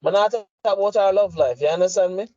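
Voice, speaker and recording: A man's voice: high-pitched, fast talker, darkish tone, no echo. Fired-up Jamaican man ranting. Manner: impassioned, profane, emphatic. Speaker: podcast co-host. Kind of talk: heated opinion rant. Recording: dry, slightly muffled lo-fi audio.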